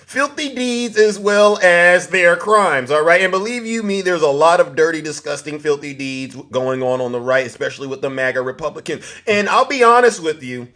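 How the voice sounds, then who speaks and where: A man with a high voice hosts a social media livestream. He boasts theatrically, chuckles often and stops to greet viewers by name. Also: normal speed, few pauses, fairly bright tone. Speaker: livestream host. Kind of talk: TikTok live commentary.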